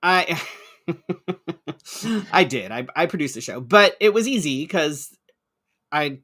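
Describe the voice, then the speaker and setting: A man's voice: fairly high pitch, expressive, slow pace, pushed and bright. A man co-hosting a podcast, chatting casually with frequent restarts and casual swearing. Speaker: co-host. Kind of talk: casual chat.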